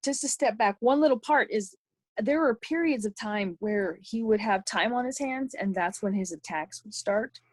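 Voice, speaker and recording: A woman's voice: mid-range voice, moderate pace, no echo. A middle-aged woman, a podcast guest, telling a personal story in a rambling way with many restarts.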